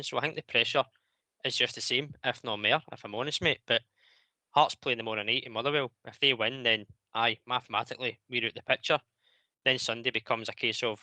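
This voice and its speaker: A Scottish radio host with a very bright, forceful voice, laying out his argument steadily on a football phone-in. The sound is dry and close to the mic. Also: medium pitch, steady tone, brisk, no room sound.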